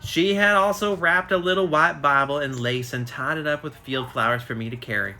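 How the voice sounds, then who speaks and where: Bright-voiced man reading aloud. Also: on the high side, normal speed, faint music behind. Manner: reads aloud with frequent slips and self-corrections. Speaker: reader. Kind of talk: casual live reading of a biography. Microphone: phone on a live stream.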